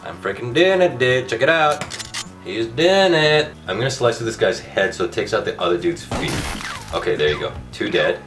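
A man commentating his own gameplay for a comic video, loud and excitable, ranting and yelling at the game, his voice going hoarse. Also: mid-range voice, moderate pace, far from the mic, over music. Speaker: gaming video host.

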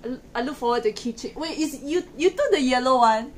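Chatting casually on a live stream from her hotel room, a woman sounds excitable and giggly, often repeating words and restarting sentences. Her voice is high-pitched and a little fast, with a faint hiss or hum in the background.

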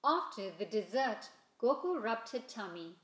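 A woman reading a children's storybook aloud slowly and expressively. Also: mid-range voice, sing-song, fairly bright tone. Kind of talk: read-aloud storybook narration. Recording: roomy echo.

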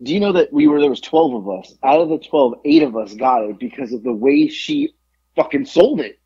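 A man co-hosting a podcast in casual chat, telling a story with lively acted-out quotes and free swearing. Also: a little high, a little fast, vocal fry, breathy edge, highs cut off. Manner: animated storyteller, acts out quotes, swears freely. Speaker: podcast co-host.

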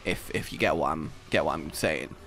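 A man's voice: a bass voice, normal speed, vocal fry, fairly bright tone, faint music behind. A man hosting a casual gaming session, teasing his co-player, laughing often and rambling in asides. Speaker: host and lead player.

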